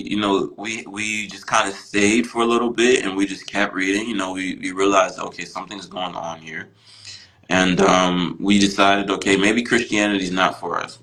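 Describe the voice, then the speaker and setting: A man guest on a podcast telling his story casually, full of "you know" and "right," jumping his pitch up when he acts out what others said. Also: poor audio. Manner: animated, acts out quoted voices with big pitch jumps.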